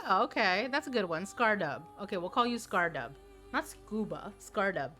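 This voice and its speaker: A woman's voice: mid-range voice, a bit bright. Female live-streamer, casual and chatty, stumbles into restarts, mid-range voice. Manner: playful, chatty, often repeats words as she restarts. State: tired.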